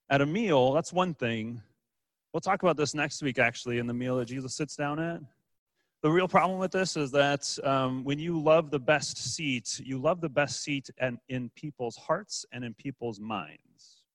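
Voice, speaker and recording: A man's voice: fairly high pitch, fairly bright tone, dry recording. A man preaching a casual, joking sermon as a pastor, with frequent fillers and restarts. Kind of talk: conversational sermon.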